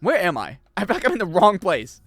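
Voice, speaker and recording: Animated joking man streaming a game. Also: high-pitched, a little fast, dry recording, faint music behind. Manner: joking, swings between loud outbursts and mumbled asides. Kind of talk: casual livestream chat while gaming.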